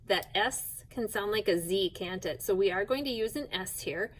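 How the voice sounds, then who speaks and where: A woman's voice: mid-range voice, low-quality recording. Patient woman teaching second graders. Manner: slow, clear, patient, spells out sounds. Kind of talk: recorded phonics lesson for children.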